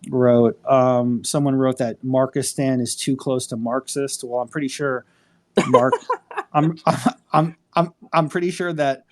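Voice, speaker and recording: A man's voice: medium pitch, fairly even intonation, a little slow, a little hiss or hum. A man hosting a casual live chat, an attorney who rambles, curses freely and fills his talk with fillers. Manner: rambling, profane, many fillers. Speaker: host.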